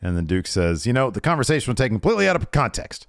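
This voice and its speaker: A man's voice: medium pitch, big pitch swings, fast talker, dry recording, studio quality. A man co-hosting a podcast, recapping wrestling in casual chat with joking, exasperated asides. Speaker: podcast co-host.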